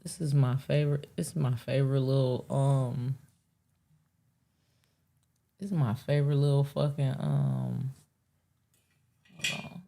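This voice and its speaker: A woman's voice: a bass voice, little pitch movement, measured pace, vocal fry, long pauses, mellow. A woman hosting a live show, chatting casually and profanely to her chat while fumbling with her setup. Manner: rambling, profane, talks to chat.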